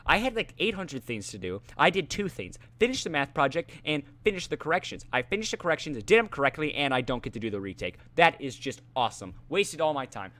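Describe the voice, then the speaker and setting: Fairly high-pitched and a bit bright, the boy's voice carries an exasperated, cursing rant about school. The student is venting on a vlog and often fumbles his words before starting over.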